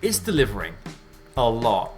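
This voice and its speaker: A man giving let's play commentary on a game, excitable and jumpy, thinking aloud in casual slang. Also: mid-range voice, moderate pace, soft background music. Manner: casual slangy talk, says mate and dude. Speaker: gaming YouTuber.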